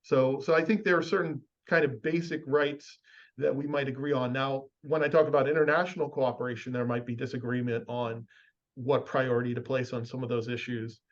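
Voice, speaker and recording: A man on a discussion panel lays out his views in an even, explanatory way. His voice comes through a somewhat muffled, lo-fi recording. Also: mid-range voice, a little fast. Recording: muffled lo-fi audio.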